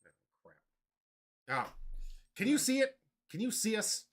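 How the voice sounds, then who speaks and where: A man hosting a casual card-game livestream, excitable and prone to loud mock rants. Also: high voice, unhurried. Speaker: livestream host.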